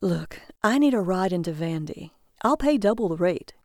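A woman's voice: on the low side, lively intonation, moderate pace, a little mellow, dry recording, clean studio sound. A woman voicing a tall, stern businessman who answers in a cold, curt way. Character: tall stern serious businessman, icy and terse.

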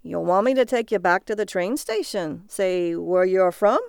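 A woman voicing a chatty, friendly male cab driver who talks loudly and eagerly in a folksy way. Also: lowish voice, moderate pace, gravelly, clear, resonant tone, no echo, studio quality. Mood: prodding.

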